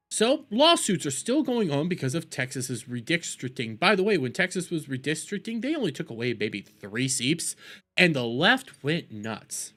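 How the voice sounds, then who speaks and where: A man's voice: fairly high pitch, fairly bright tone. A man hosting a live stream, ranting casually about politics in a rambling, profane way with many restarts.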